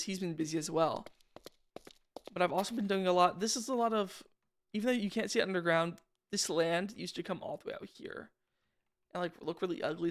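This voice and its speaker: A man's voice: high-pitched, gravelly. A young man giving casual, rambling commentary over his own game footage, slangy and self-deprecating. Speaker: gaming channel host.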